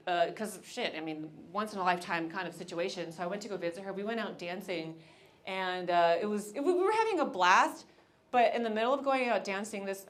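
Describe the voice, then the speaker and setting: A woman in her thirties performing a stand-up comedy set, telling a story with lively acted-out voices. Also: mid-range voice. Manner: animated storytelling, acts out characters.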